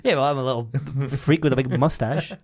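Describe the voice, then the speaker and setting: A man's voice: mid-range voice, steady tone, brisk, a little mellow. A British man co-hosting a comedy podcast in casual, rambling chat full of fillers and laughs. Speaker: podcast co-host.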